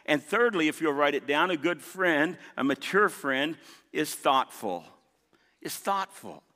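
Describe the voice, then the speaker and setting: Male pastor, sermon, emphatic, repeats key lines, bright ringing voice, slightly high pitch, long church reverb. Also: lively intonation, unhurried. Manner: emphatic, repeats key points, calls on the congregation. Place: large church sanctuary. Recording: long reverb of a big hall.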